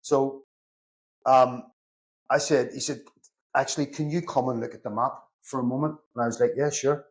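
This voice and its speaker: A man's voice: medium pitch, normal speed. Middle-aged Belfast man, podcast guest, casual storyteller who voices both sides of the dialogue and swears freely. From Northern Ireland. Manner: animated anecdotes, acts out both sides of conversations, swears casually. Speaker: podcast guest, security consultant.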